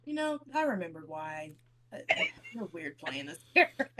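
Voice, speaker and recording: A woman's voice: on the low side, big pitch swings, normal speed, pushed and bright. A woman playing in a tabletop game, giggly and playful. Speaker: player.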